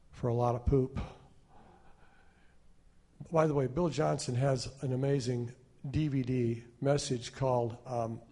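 A male pastor preaching a sermon, telling stories and shifting between loud emphasis and quiet asides. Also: mid-range voice.

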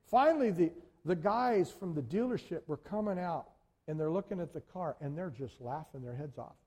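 A man preaching a sermon in church, telling stories with animated delivery and speaking directly to the congregation. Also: on the high side, normal speed. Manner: animated storytelling, addresses congregation as folks. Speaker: pastor.

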